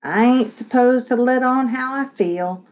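A woman reading the lines of a large, warm foster mother who speaks softly in a folksy dialect. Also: fairly high pitch, measured pace, voice pushed up, lightly acted. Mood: tearful. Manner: soft, tender, folksy dialect.

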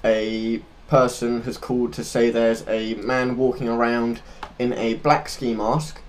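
A man's voice: mid-range voice, little pitch movement, a little slow, slight background noise. Earnest rambling man. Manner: earnest, loose and rambling, searching for words. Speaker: podcast co-host. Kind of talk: unscripted conversational storytelling.

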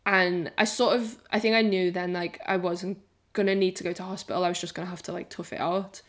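A woman's voice: on the low side, flat delivery, brisk. A woman in her twenties, a podcast co-host talking candidly in a rambling, casual way, full of "like" and the odd swear. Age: 20s. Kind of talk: casual chat.

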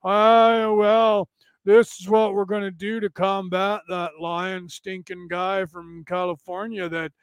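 A man mimicking a slow, halting older male politician who hesitates often. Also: sits high, little pitch movement, clear, resonant tone, dry recording. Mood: droning.

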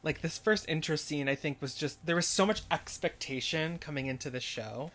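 A man's voice: fairly high pitch, moderate pace, fairly bright tone. A man co-hosting a casual podcast with his mother, chattily leading an episode recap. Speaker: podcast co-host.

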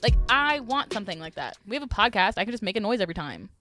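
A woman's voice: medium pitch, sing-song, very fast, sharp tone, faint music behind. A woman in her twenties co-hosting a podcast, rambling and giggling through casual chat and swearing freely. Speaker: podcast co-host.

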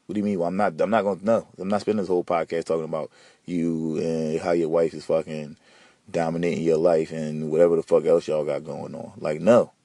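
A man hosting a podcast, ranting and telling stories in a slangy, profane, animated way. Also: rumbling low, a little fast, no echo, clean studio sound. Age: adult. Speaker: podcast host. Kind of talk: casual solo podcast rant.

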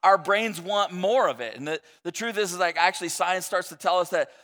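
A man in his thirties preaching a sermon in a relaxed, conversational way, with joking asides and many restarts. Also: high-pitched, brisk. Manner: conversational, self-deprecating, jokey asides. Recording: long reverb of a large hall.

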